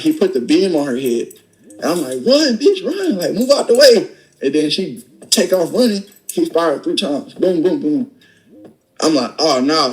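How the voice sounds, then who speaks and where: A young man with a mid-pitched voice recounts events in a loose, conversational way. He lurches into acted-out dialogue and talks bluntly, with plenty of profanity. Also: poor audio. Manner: animated, acts out dialogue with profanity. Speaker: storyteller recounting a robbery. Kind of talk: casual retelling.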